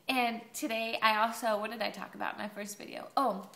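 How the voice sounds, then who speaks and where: A woman's voice: fairly high pitch, fairly even intonation, moderate pace, vocal fry, sharp tone, echoey room. A young woman in college, chatting in a rambling video diary with sarcastic asides. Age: young adult. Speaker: college student vlogger.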